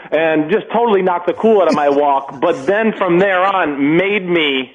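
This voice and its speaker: A man's voice: a little high, moderate pace, a crowd in the background. Man telling a story over a phone line. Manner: animated, acts out quotes of others. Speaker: guest, former football player. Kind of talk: casual storytelling on radio.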